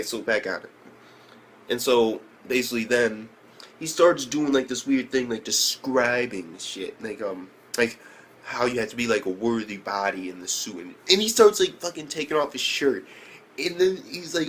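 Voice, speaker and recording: A young man reviewing an anime episode in casual speech, slangy and profane, who keeps jumping up in pitch when he reacts. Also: a little hiss or hum.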